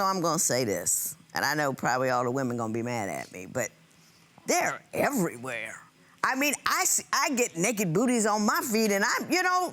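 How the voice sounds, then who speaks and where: A middle-aged American woman presiding as a TV judge, animated and teasing in her questions. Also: mid-range voice. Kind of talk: courtroom TV show.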